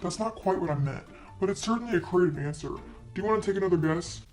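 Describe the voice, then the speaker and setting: A synthetic male voice playing a jolly old Santa Claus who talks in a kindly, patient, gently lecturing way. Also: high-pitched, quick pace, faint music behind, natural voice.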